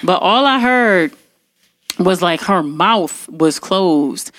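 A young woman telling a personal story in casual talk, animated and full of fillers and restarts. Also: on the low side, slow pace, heavy background noise. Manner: animated, acts out quotes, many fillers and restarts.

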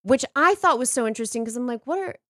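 A woman's voice: fairly high pitch, quick pace, no echo, clean studio sound. A woman co-hosting a casual podcast chat, animatedly retelling movie scenes and acting out the characters' lines. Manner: animated retelling with acted-out quotes. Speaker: podcast co-host.

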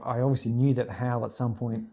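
A man with a dark, mellow tone talks over film scenes in relaxed chat. He is thoughtful and measured, and he quotes lines back in a flat, even delivery. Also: mid-range voice. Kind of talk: casual film discussion.

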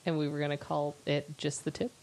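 A woman co-hosting a casual comedy podcast, cracking playful deadpan jokes and laughing often. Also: low voice, a little fast. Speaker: podcast co-host.

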